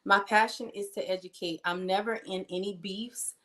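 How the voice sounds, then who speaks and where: A middle-aged woman, hosting a casual livestream and warmly greeting viewers by name. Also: medium pitch, steady tone, normal speed. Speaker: livestream host.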